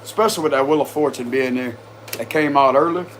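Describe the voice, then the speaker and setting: This male tarot reader has a medium-pitched, fairly bright voice and speaks fast, with slight background noise. He chats casually and slangily straight to his viewers, often breaking out laughing.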